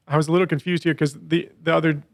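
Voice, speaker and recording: A man's voice: a little high, little pitch movement, a little fast, creaky, no echo, studio quality. A man co-hosting a podcast, recapping scenes in a casual chat and quoting lines with playful voices. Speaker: podcast co-host.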